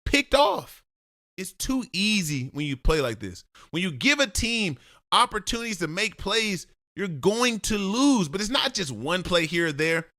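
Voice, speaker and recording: A man's voice: sits high, big pitch swings, a little slow, bright, forceful tone, dry recording, studio quality. Blunt football film breakdown man. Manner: blunt, lecturing, addresses the player directly.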